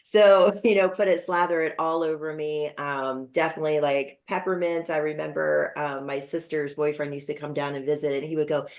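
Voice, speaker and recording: A woman's voice: deep voice, steady tone, moderate pace, few pauses. A middle-aged woman hosting a podcast interview, chatting casually with lots of fillers and personal stories. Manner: chatty, warm storytelling with frequent fillers. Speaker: podcast host.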